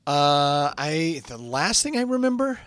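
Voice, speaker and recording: A man's voice: fairly high pitch, no echo. A man playing a comedy podcast host stuck in a hell studio, earnest and easily flustered. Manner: earnest, flustered, quickly excitable. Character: man trapped in a hell podcast studio, cheerful and put-upon. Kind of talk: improvised comedy sketch.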